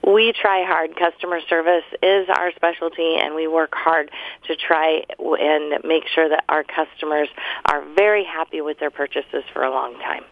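A woman, a store owner giving a friendly sales pitch in a promotional interview, listing products and prices. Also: fairly even intonation, moderate pace, dry recording. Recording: phone line, very dry.

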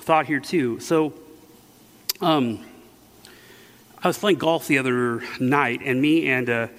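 A man's voice: mid-range voice, slow, long pauses, fairly bright tone. A middle-aged man preaching a casual sermon, telling stories with many fillers and restarts. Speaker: pastor. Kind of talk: conversational sermon. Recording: long hall reverb.

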